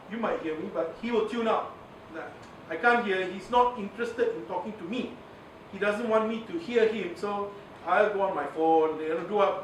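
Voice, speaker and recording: High-voiced man teaching in an echoey hall. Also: slight background noise. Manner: animated, laughs often, acts out examples. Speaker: communications trainer. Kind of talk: lively workshop talk. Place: large room with audience. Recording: very echoey room, voice from far off.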